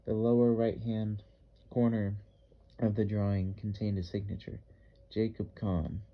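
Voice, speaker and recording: A male audiobook narrator with a lowish voice, reading in the first person at a measured, even pace. The sound is dull and somewhat lo-fi, as if the highs are rolled off.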